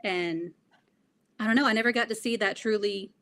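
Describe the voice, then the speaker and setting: A woman's voice: mid-range voice, moderate pace, a bit bright. A young woman being interviewed, answering in an earnest, reflective way with frequent fillers. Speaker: interview guest.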